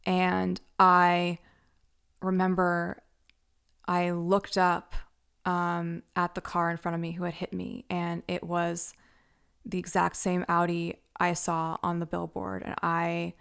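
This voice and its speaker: A woman's voice: fairly low pitch, monotone, takes it slowly, vocal fry, fairly bright tone, clear, resonant tone. A woman casually telling a personal story, chatty and loose, with lots of "like" and "um" fillers. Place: Los Angeles.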